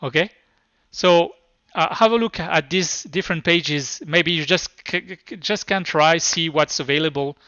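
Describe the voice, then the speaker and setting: A man's voice: a little high, pushed and bright, smooth, no room sound. French-accented man giving a live demo. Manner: halting, many restarts and fillers. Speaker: conference speaker. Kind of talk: live tech demo talk. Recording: dull lo-fi sound.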